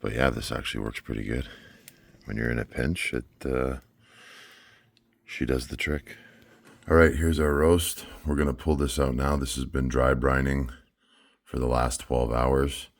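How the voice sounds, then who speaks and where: A man's voice: extremely low pitch, level tone, measured pace, creaky, pauses often. A laid-back man hosting his own barbecue cooking vlog, chatting casually and thinking aloud as he works. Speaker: barbecue cook and show host.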